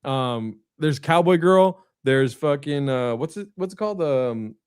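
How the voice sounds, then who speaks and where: A man's voice: a little high, expressive, unhurried, smooth, dry recording, clean studio sound. A man chatting casually on a video call, telling long rambling stories full of fillers and swearing. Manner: rambling anecdotes with frequent fillers and profanity. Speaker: guest comedian. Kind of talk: casual storytelling chat.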